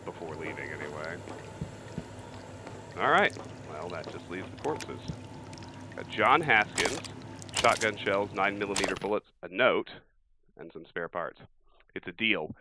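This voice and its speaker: A man in his thirties talks his way through a video game in a casual, joking commentary. His voice is very low and deep. A steady background hiss sits under the whole recording. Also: normal speed. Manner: wry, joking, chatty. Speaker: let's play host.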